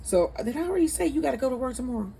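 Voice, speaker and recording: A woman's voice: high voice, expressive, very fast, creaky. A woman with a St. Louis accent hosting a casual home cooking video, chatting to viewers as y'all and laughing at herself. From St. Louis, USA. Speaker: cooking channel host. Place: home kitchen. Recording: noisy home recording.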